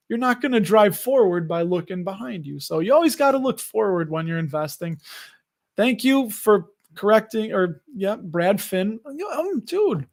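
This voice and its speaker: A man with a Chicago accent hosting a live investing stream, chatting casually, joking and laughing often as he reads comments. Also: high-pitched.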